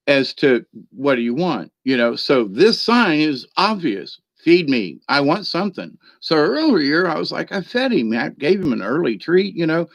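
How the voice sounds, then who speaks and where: A spiritual channel host with a voice on the high side tells a meandering, casual story at home near his computer. He often chuckles and fills silences with "you know," on a dry, slightly dull lo-fi recording with no room sound.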